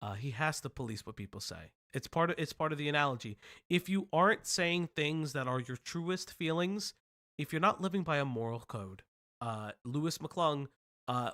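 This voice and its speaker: A man's voice: a little high, animated, normal speed, a bit bright. A man hosting a livestream commentary show, casual and profane, drifting into tangents. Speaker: stream host.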